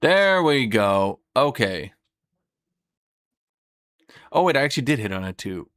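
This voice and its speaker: A man talks through his wargame turn, counting dice and cursing his own slips. His voice sits at a middle pitch. The sound is dry and close, with no room around it. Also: very animated, measured pace, fairly bright tone, no room sound. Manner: thinking aloud, swearing, self-mocking. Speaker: tabletop wargame player. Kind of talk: casual play commentary.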